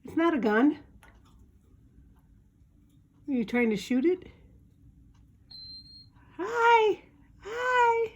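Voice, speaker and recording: A woman's voice: on the high side, expressive, brisk, darkish tone, highs cut off. A woman at home talking to her parrot in playful, cooing baby talk, teasing and sing-song. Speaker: pet owner filming her parrot. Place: indoors at home.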